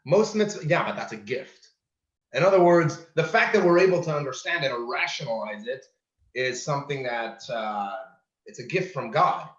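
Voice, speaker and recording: Casual male co-host with a halting, jokey delivery, heard over a video call from an echoey gym, dull lo-fi sound. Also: mid-range voice, lively intonation. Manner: halting, many fillers and restarts, jokey. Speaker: podcast co-host. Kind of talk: casual chat with jokes. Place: large empty school gym. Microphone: computer mic on a video call.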